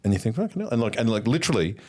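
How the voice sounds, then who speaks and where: Deep, fast-talking man. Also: expressive. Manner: blunt and sweary. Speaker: podcast co-host. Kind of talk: casual chat.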